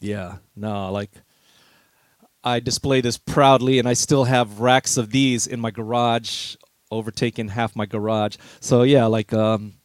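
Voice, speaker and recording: A man's voice: medium pitch, fairly even intonation, unhurried, clean tone, no echo, studio quality. A middle-aged man, a veteran DJ, telling stories in an easygoing, reminiscing way during an interview. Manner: easygoing, reminiscing, chuckles often. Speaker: veteran DJ guest. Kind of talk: relaxed storytelling interview.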